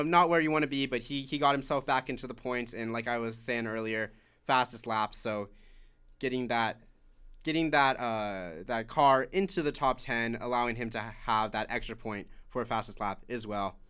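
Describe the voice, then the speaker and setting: A man talking through a race recap on a casual podcast, loose and chatty, leaning on "like" as he goes. His voice comes across smooth and resonant, at a middle pitch. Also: fairly bright tone. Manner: chatty, many "like" fillers, recapping laps. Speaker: podcast co-host.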